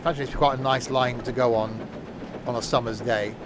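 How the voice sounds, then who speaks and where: A man's voice: medium pitch, fairly even intonation, brisk, background noise. A man chatting casually while live-streaming a train game, with joking asides.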